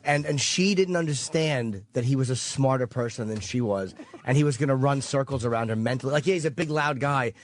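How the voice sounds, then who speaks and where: A man's voice: mid-range voice, a little fast, few pauses, a little hiss or hum. A man hosting a radio talk show, telling stories in casual chat.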